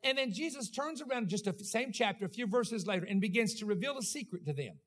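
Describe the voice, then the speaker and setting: A man with a high-pitched voice preaches a sermon. He speaks in a rhythmic cadence and keeps checking in with his congregation as he drives each point home. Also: animated, quick pace. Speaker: pastor.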